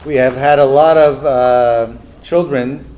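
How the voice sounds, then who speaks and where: A man's voice: mid-range voice, fairly even intonation, slow, darkish tone. A man acting as master of ceremonies at a banquet, telling jokes in a chatty, self-deprecating way and laughing at his own punchlines. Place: banquet hall.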